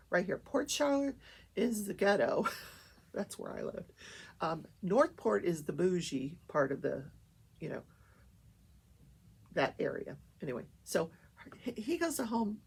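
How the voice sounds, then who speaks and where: Gravelly, husky older woman chatting. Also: medium pitch, a little slow. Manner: animated, acts out quoted voices. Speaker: talk show host. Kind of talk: casual storytelling chat.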